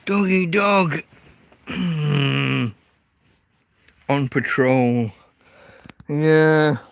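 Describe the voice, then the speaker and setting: Man, high voice, slow and drawn-out, exasperated and sweary, livestreaming from a tent. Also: gravelly, no echo. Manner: exasperated, sweary, talks to his dog. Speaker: livestream host. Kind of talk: casual night-time livestream chat. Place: tent in a field.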